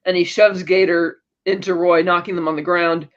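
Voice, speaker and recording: A man with a high voice retells a TV episode for a podcast, briskly acting out each character's lines as he goes. The sound is dull and lo-fi. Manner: animated storytelling, acting out quoted lines. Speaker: podcast co-host. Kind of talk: casual recap of a TV episode.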